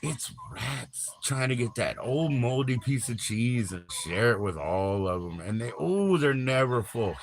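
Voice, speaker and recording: A man's voice: medium pitch, animated, unhurried, hardly any pauses. A middle-aged man hosting a casual livestream, rambling in slang, jumping between topics and greeting viewers in chat. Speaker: livestream host.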